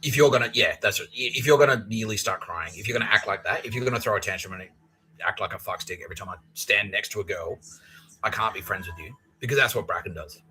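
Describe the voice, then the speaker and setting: A man's voice: fairly low pitch, fast, pushed and bright, a little hiss or hum, low-quality recording. A man telling a rambling, profane comedic story on his own podcast, mimicking the people in it. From Australia. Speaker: podcast host.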